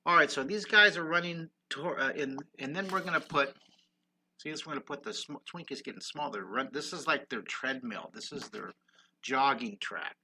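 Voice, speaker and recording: A man's voice: medium pitch, moderate pace, bright, forceful tone, slight background noise. An older man teaching a live-stream drawing lesson, upbeat and encouraging, greeting viewers while he draws.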